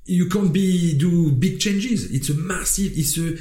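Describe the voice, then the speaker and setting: A man's voice: high-pitched, a little slow. A man from France with a French accent, talking in a casual, opinionated way, swearing freely and restarting his sentences. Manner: animated, swearing, wandering restarts. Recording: roomy echo.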